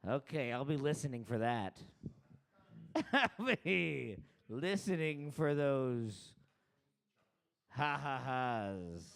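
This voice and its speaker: A man's voice: a little high, fairly bright tone. A man hosting a comedy open mic, joking loosely and chatting with the crowd between acts.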